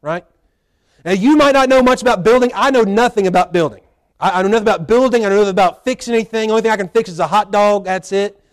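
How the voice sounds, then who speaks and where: A pastor preaching a folksy sermon in church, with quoted asides and a prayer. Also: male voice, sits high, fast. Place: church sanctuary.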